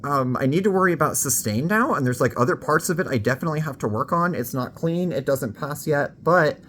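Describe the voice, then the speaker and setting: A woman's voice: sits low, lively intonation, a little fast, fairly bright tone, slight background noise. A woman talking casually to camera for her vlog, frank and candid, swearing freely and a little out of breath. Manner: slightly out of breath. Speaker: vlogger.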